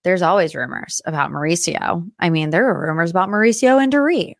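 A young woman hosting a podcast, chatting casually about celebrity gossip in an animated way, with dramatic asides. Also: lowish voice, brisk, no echo. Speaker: podcast host. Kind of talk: casual pop-culture gossip chat.

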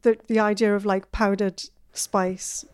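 Casting: woman, food editor guest, chatty, mid pitch. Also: unhurried, clear, resonant tone. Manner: chatty, animated storytelling, frequent fillers. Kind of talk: casual food chat.

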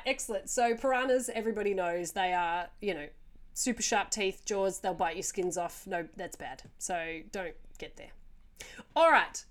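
A woman's voice: mid-range voice, normal speed. A woman hosting a casual storytelling podcast, chatting through the tale with joking asides and easy laughter.

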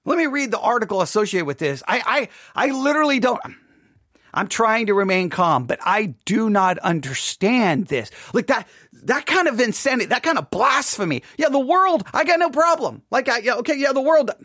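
A woman delivers indignant commentary with halting, exasperated phrasing. Her pitch swings widely as she talks. The recording is dry and close. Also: no room sound. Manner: exasperated, halting, with animated outbursts. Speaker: online commentator.

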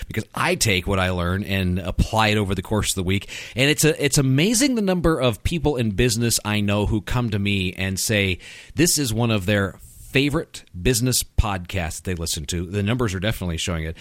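A man's voice: fairly low pitch, animated, a little fast, no room sound. A man hosting a podcast, talking in a friendly, complimentary way with his guest. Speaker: podcast host. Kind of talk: casual interview chat.

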